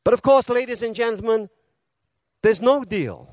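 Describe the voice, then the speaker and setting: High-voiced man preaching a sermon. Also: a little mellow, no room sound. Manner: storytelling, dramatic pauses, retells quotes with feeling.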